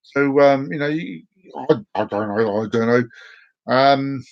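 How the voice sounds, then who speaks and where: A man's voice: mid-range voice, measured pace, highs cut off. A man talking casually to camera on a live stream, rambling and repeating himself, sometimes slipping into silly voices. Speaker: vlogger doing a live stream.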